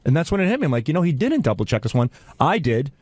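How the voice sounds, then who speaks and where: A man's voice: on the high side, rapid-fire, no echo. A man telling a story in casual radio chat, acting out the people he quotes. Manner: animated storyteller, acts out quotes. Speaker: show staffer.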